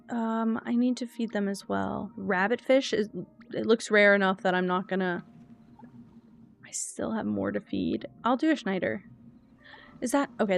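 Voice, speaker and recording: A woman's voice: fairly high pitch, creaky. Chatty young woman streaming a game. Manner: chatty, rambling, thinks aloud, reads chat. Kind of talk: casual gaming stream chat.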